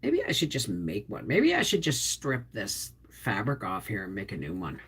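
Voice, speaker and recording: A woman's voice: rumbling low, huge pitch swings, moderate pace, husky. A middle-aged woman from Quebec chatting casually on a livestream, greeting viewers by name. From Quebec, Canada. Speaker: homestead channel host. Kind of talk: casual livestream chat reading comments.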